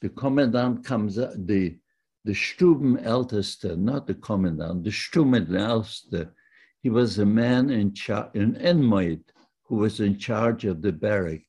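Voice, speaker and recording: An older man from Poland, slowly recounting his own life story in a plain, halting manner. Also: fairly low pitch, dark tone, slightly rough. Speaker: Holocaust survivor. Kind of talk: testimony storytelling.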